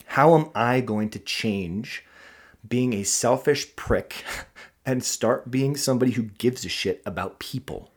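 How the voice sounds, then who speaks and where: A man in a casual podcast conversation speaks with animated, emphatic energy. His mid-range voice rises and drops like a preacher's as he drives his points home. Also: mid-range voice, measured pace, slightly rough.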